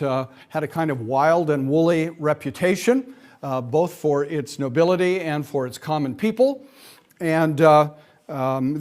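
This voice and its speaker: Male lecturer, middle-aged, slightly high voice, halting delivery with fillers and wry asides. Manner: frequent fillers, dry asides. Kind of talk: classroom lecture.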